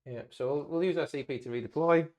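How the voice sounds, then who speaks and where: A man's voice: a little high, quick pace, darkish tone, a little hiss or hum. A man playing a tabletop wargame, planning moves and trading dry, teasing banter with his opponent in casual commentary.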